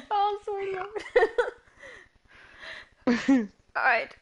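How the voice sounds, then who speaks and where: A woman streaming a horror game live, hoarse and laughing often as she chats to viewers and a friend. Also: extremely high pitch, sing-song, very slow, long pauses. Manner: giggly, chatty, talks to viewers. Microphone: earpiece headset.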